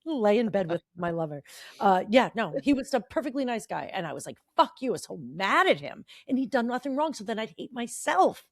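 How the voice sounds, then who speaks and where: Woman, middle-aged, podcast co-host, animated journal reading, dry close mic. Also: mid-range voice, a little fast, dry recording. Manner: animated, swings into bright voices for quotes. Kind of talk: casual chat, reading from an old journal.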